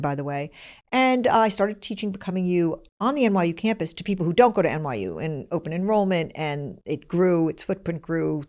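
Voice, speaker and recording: A woman's voice: lowish voice, darkish tone. A middle-aged woman who hosts the show, telling a personal story in a candid, self-deprecating way. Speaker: host.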